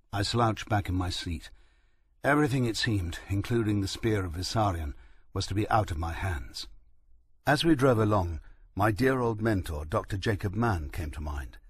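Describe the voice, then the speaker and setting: Low husky male audiobook narrator. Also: no echo. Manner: steady, reflective storytelling. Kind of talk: first-person audiobook narration.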